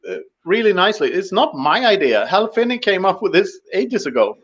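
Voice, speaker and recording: A man in his forties with a Swedish accent, a podcast guest in casual chat, halting and full of fillers, quick to laugh. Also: sits high, very animated, a bit bright, slightly rough. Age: 40s. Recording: muffled lo-fi audio.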